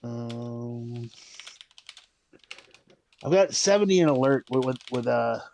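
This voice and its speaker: A man's voice: medium pitch, lively intonation, slow, creaky, a little mellow, slight background noise. A man playing a tabletop game, talking casually and often stumbling and repeating words as he checks his stats. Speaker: player.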